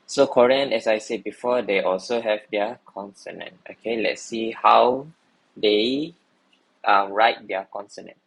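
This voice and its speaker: A man's voice: on the low side, measured pace, gravelly, slightly rough, rough recording. A man teaching a language lesson, patiently explaining and often checking in with "okay".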